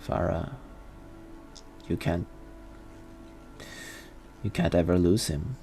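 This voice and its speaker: A man's voice: low voice, slow pace, warm tone, faint music behind. A man voicing a mother in a tabletop game, soothing her child and then scolding her. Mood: reproachful. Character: stern, clingy mother, soothing then demanding.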